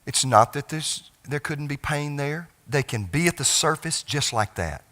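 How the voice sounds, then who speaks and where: In a church sanctuary, a middle-aged pastor tells a personal family story during his sermon. His voice is a little high with lively intonation, and he restarts haltingly, letting phrases trail off softly.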